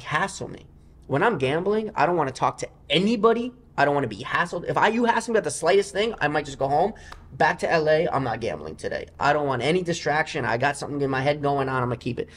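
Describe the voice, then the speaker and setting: Man rambling through gambling anecdotes. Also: on the high side. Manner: loose, rambling anecdotes full of asides. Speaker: professional gambler guest. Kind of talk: casual interview storytelling.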